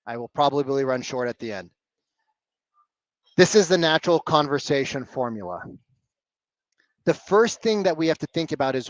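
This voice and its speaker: Blunt, high-voiced male sales coach. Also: no echo, highs cut off. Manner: energetic, blunt and animated, swears casually. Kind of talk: live coaching session on a video call. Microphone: video call.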